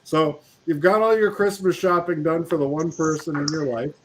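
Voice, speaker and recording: A man's voice: fairly high pitch, steady tone, moderate pace, slight background noise. A man co-hosting a casual live call-in chat, talking loosely with frequent laughs and restarts over a video call. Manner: chatty, laughs often, restarts sentences. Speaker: co-host.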